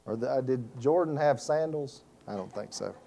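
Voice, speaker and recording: A pastor preaching a sermon, reading scripture aloud and breaking off for folksy asides and call-and-response questions. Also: male voice, mid-range voice, moderate pace, gravelly, dark tone.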